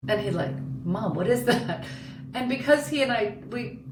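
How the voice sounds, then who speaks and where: Her voice sits on the high side at an ordinary pace; she's a podcast co-host in her forties sharing a frank story from her own life. Expressively, she performs each quoted voice herself. The mic is distant, the room sounds roomy, and there's noise in the background.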